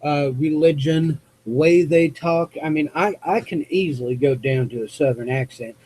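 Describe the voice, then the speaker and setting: A man from the US West Coast hosting a live call-in show, talking off the cuff in a rambling, halting way as he searches for words. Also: a little high, a little mellow, rough recording. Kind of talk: unscripted monologue to chat viewers.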